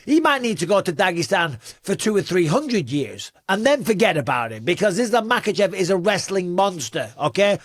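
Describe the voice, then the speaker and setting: A man's voice: sits high, big pitch swings, a little fast, few pauses, dry recording, studio quality. A middle-aged man giving casual, emphatic fight commentary as host, often putting questions to his audience. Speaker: podcast host and MMA analyst.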